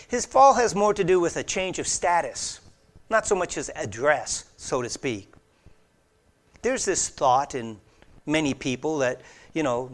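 Man preaching with swelling, dropping emphasis. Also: on the high side. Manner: earnest, emphatic preaching with swings from loud to hushed; conversational asides and restarts. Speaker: pastor. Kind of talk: expository sermon.

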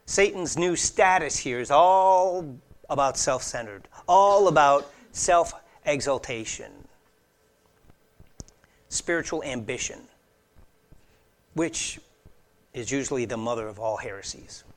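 A male pastor preaching an expository sermon in a slightly high voice. He speaks earnestly and emphatically, rising loud on key phrases and dropping to hushed asides, with a casual, conversational edge and the odd restart. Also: expressive, slow pace, long pauses.

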